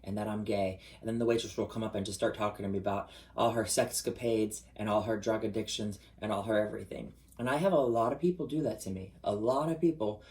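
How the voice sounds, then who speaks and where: Chatty, expressive man talking to camera. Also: fast, hardly any pauses, poor audio. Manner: chatty and expressive, jumps in pitch for emphasis. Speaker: vlogger. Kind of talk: casual confessional monologue.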